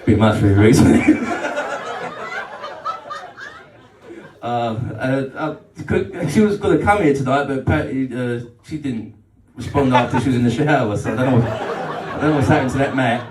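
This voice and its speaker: A man's voice: mid-range voice, fairly quick, hardly any pauses, background noise. A man doing a live stand-up set, crude and self-deprecating, bantering with the crowd. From England. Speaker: stand-up comedian. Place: comedy night in a club function room. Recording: roomy live hall from far off.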